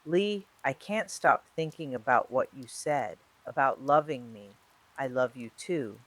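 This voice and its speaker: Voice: medium pitch, lively intonation, measured pace, a bit bright, low-quality recording. A narrator voicing a frightened, pressing young woman. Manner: anxious, pressing. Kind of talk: true-crime storytelling.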